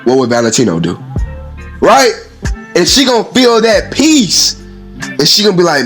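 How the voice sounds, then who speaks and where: A man talking casually and at length, telling everyday stories in an animated way, acting out other people's voices and laughing often. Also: high voice, moderate pace, pauses often, breathy edge, faint music behind. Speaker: speaker in a played clip. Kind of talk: casual storytelling monologue.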